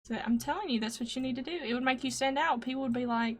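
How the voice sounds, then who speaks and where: A woman's voice: sits high, quick pace, few pauses. A woman co-hosting a casual stream show, teasing her co-host and laughing often. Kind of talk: casual chat.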